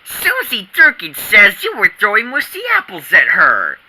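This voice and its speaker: A stern mother, put on by a single performer scolds her son in a fan comic dub. She speaks in slow, measured, clipped lines with a bright edge to her voice. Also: medium pitch, huge pitch swings, exaggerated voice, poor audio. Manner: firm, scolding.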